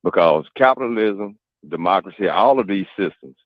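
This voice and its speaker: A man's voice: low voice, expressive, normal speed, no echo. Man, radio panelist, earnest, thinking aloud, dull dry sound. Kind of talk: reflective opinion on a radio panel.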